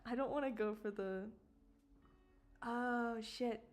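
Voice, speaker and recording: A woman talks casually to her stream viewers in a slightly high voice. She is animated and swears freely, putting on mock outrage for comic effect. Faint music plays underneath. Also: slow pace. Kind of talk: casual live-stream chat.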